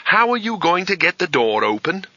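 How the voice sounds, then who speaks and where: A man voicing a brisk, practical young woman who speaks matter-of-factly. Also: high-pitched, big pitch swings, sharp tone, no room sound, pitched above the performer's own voice, heavily acted. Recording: slightly dull, dry audiobook recording.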